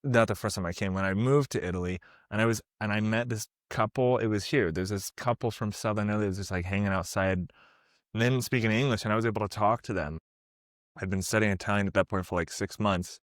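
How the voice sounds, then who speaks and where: A man's voice: on the low side, brisk, dry recording, clean studio sound. An American man hosting a casual conversation, chatty and easygoing. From United States. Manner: easygoing, chatty, laughs along. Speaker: podcast host. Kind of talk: casual chat.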